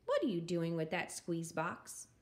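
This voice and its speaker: A woman's voice: on the low side, sing-song, a little slow, darkish tone. A woman voicing a curious, chatty little girl who asks question after question, artless and cheerfully persistent, in a storybook reading.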